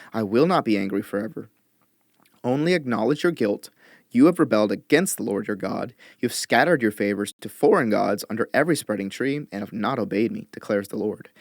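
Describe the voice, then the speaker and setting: A man reading scripture aloud in a measured, expressive way, lifting his voice for quoted lines. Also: lowish voice, no echo, studio quality. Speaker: Bible reader.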